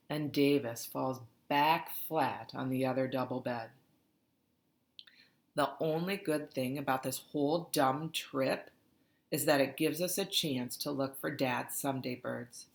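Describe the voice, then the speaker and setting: A woman reading a first-person children's novel aloud in a measured, earnest way. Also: a bass voice, fairly bright tone. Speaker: audiobook narrator. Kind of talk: first-person storybook narration. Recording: roomy echoey recording.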